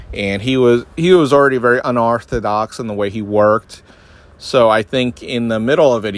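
Male podcast host, Northeastern US, casual rambling monologue, wry and self-mocking. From Northeastern United States. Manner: rambling, self-deprecating, jumps into high-pitched mocking voices for others.

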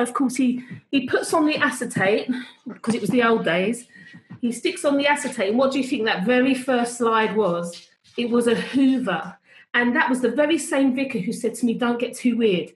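A middle-aged woman, a worship leader, telling a story at home over a video call in a chatty, animated way, often breaking off mid-sentence. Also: a little high, moderate pace, reverberant, slight background noise, low-quality recording. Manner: chatty, animated, self-interrupting.

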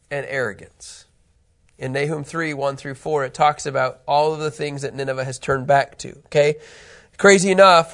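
A middle-aged man with a slightly raised voice leads a Bible lesson. He is animated and talks to the room casually, regularly stopping to check that his listeners are following along. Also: a little high. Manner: animated, keeps asking "okay?" to check understanding. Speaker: Bible teacher. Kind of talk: Bible teaching.

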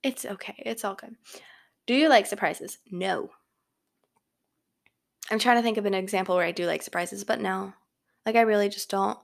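Young woman chattering with a gravelly fry. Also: mid-range voice, normal speed, pauses often. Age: young adult. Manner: rambling, filler-heavy chatter. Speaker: podcast host. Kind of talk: casual solo podcast chat. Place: her bedroom at home. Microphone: home microphone.

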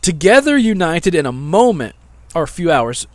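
A man's voice: on the high side, big pitch swings, normal speed, no echo. A middle-aged man preaching a sermon in a conversational way, repeating key lines and lifting his voice on the main points. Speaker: pastor.

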